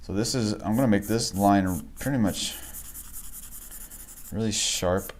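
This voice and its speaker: A man livestreaming a portrait drawing, thinking aloud in a relaxed, rambling way, chatting with viewers and laughing often. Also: fairly low pitch, a little slow. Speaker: art instructor livestreaming a drawing. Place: home art studio.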